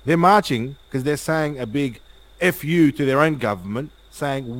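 A man's voice: medium pitch, a little slow, low-quality recording. A man hosting a casual interview and pushing his opinions emphatically. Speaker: host.

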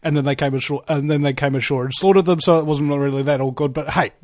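A male host in casual conversation, halting with many fillers and restarts, telling stories. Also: a little high, steady tone, a little mellow, no room sound. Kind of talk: conversational interview.

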